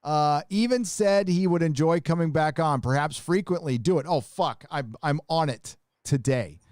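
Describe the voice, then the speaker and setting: A man's voice: fairly high pitch, normal speed, darkish tone, no room sound, clean studio sound. A man hosting a live podcast, chatting casually and rambling with lots of profanity. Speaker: host. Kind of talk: casual livestream chat.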